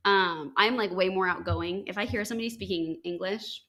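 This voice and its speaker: A young woman from the United States, a podcast host, casually telling a story with lots of "like" and "um" and bright, high-pitched quoted lines. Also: moderate pace. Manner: chatty, animated quotes with high-pitched acted lines, frequent likes and ums.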